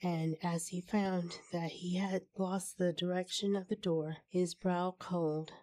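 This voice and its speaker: A woman hosting a podcast and narrating a classic horror story in a measured, steady reading. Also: fairly low pitch.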